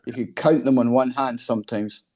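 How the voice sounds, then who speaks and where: A middle-aged man joins a podcast chat as a guest. His voice sits mid-range and he shares his opinions in a measured way. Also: mid-range voice, steady tone, a little mellow. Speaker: guest, tour manager. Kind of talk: casual chat.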